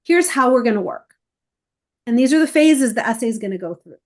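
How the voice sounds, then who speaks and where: A middle-aged woman, an essay coach answering interview questions, explains her process in an animated way and acts out the emails and parents she quotes. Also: on the high side, a little fast.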